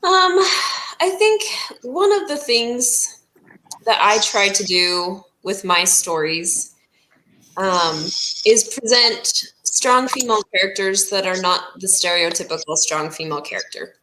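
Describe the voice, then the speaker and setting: Bright-voiced woman author in an echoey room. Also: medium pitch, expressive, a little hiss or hum. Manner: thoughtful, many "um" pauses. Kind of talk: casual chat about writing.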